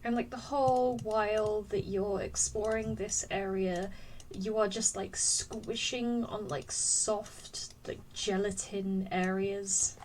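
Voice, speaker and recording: A woman's voice: mid-range voice, fairly even intonation, slow pace, darkish tone, a little hiss or hum, low-quality recording. A woman narrating a tabletop game as game master, describing scenes unhurriedly with fillers.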